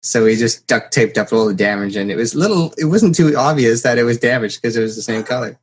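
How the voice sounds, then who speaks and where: A man's voice: mid-range voice, fairly quick, breathy edge. A man hosting a podcast, telling a story in casual chat and acting out the quotes. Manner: animated storyteller, acts out quotes. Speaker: podcast host.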